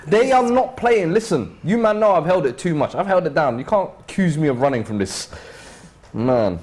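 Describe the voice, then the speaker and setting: Man, host, slightly high voice, lively pitch, slangy banter. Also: moderate pace. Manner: loose, laughing banter, slang. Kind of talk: casual live show hosting.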